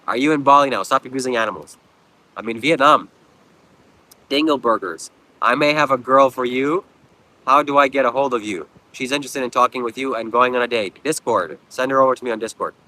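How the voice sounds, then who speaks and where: A man's voice: medium pitch, brisk, bright, forceful tone, low-quality recording. Blunt, preachy man hosting a livestream. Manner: preachy, blunt, mocking viewers. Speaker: livestream host. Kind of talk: live stream chat reading. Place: outdoors at a beach.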